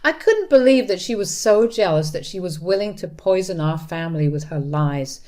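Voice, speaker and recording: A woman's voice: on the low side, expressive, normal speed, a little mellow. A woman narrating a first-person story in a bitter, blunt manner.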